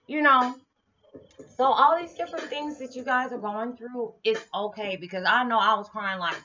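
A woman talking casually to her viewers about spiritual matters, animated and often laughing. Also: medium pitch, a little fast. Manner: animated, laughing, lively swings in loudness. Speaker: vlogger. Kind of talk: casual spiritual vlog talk. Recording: dull lo-fi sound with faint music.

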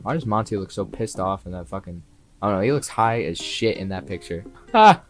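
Excitable young man streaming a game. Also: fairly low pitch, a little fast. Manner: excitable, swears a lot, talks to the game, sudden yells. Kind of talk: live gaming commentary. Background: faint game music.

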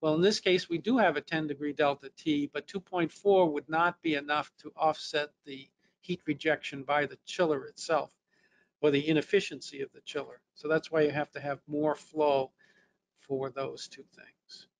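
A man's voice: a little high, steady tone, normal speed, a little hiss or hum. A man with a New England accent giving a casual technical lesson, explaining things step by step with frequent fillers. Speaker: technical trainer.

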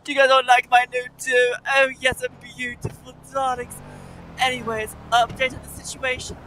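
A woman's voice: high voice, flat delivery, normal speed, a bit bright, soft background music. A woman voicing a dramatic, self-important female socialite vlogger who calls everyone darlings and shrieks when upset. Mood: posh vlog. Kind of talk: role-play vlogging.

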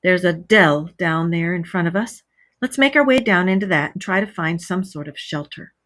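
A woman voicing a brisk, practical male water rat in a read-aloud storybook, eager and bossy. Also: lowish voice, a bit bright, no echo, clean studio sound, close to an everyday voice. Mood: kindly. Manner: bossy, eager, sometimes exasperated.

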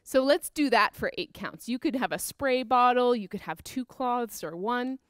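A woman's voice: on the high side, animated, normal speed, smooth, no echo, clean studio sound. A woman teaching a creative movement dance class for children, upbeat and encouraging as she counts out the moves. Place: dance studio with a piano.

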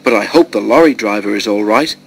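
A man's voice: fairly low pitch, brisk, creaky, low-quality recording. A man reading a storybook, voicing a good-humoured male train driver. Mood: cheerful.

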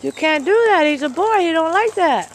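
A woman's voice: very high voice, expressive, normal speed. A woman baby-talking to her pets at home in a coaxing, affectionate sing-song. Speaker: pet owner. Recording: noisy home camcorder audio.

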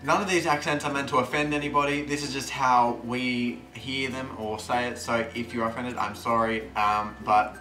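A man's voice: medium pitch, steady tone, moderate pace, hardly any pauses, bright, forceful tone, roomy sound, far from the mic, soft background music. Chatty man hosting a vlog. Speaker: vlogger host. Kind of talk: casual chat.

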